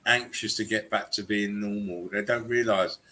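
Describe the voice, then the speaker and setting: A man's voice: lowish voice, fairly even intonation, normal speed, sharp tone. A man hosting a casual chat, agreeing often and chiming in. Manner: agreeable, backchanneling.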